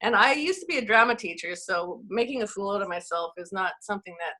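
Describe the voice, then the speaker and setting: A woman's voice: medium pitch, animated, fast, bright, forceful tone. A Canadian woman, a network marketing coach, telling self-mocking stories in a casual chat on a video call. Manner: chatty, self-mocking storyteller.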